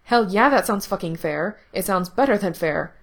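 A woman voicing an eager, nervous young man who tumbles over his words in quick replies. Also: high voice, fairly even intonation. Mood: eager, flustered.

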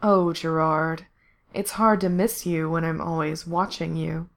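A cruel, soft-spoken male villain, as a woman reader puts him on in a storybook reading. He drawls slowly and quietly, with a low, menacing calm. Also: creaky. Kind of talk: fan fiction reading.

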